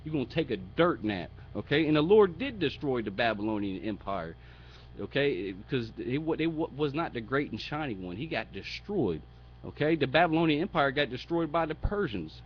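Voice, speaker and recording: A man's voice: mid-range voice, big pitch swings, moderate pace, husky, muffled recording. A man giving an informal bible teaching, blunt and mocking, with profane asides, reading verses aloud in a raised voice. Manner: reads scripture aloud in raised voice.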